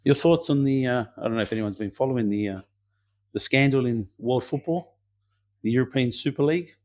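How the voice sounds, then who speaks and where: A man's voice: medium pitch, fairly quick, a little mellow. A man co-hosting a casual podcast, talking in an easygoing way with sarcastic asides. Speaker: podcast co-host.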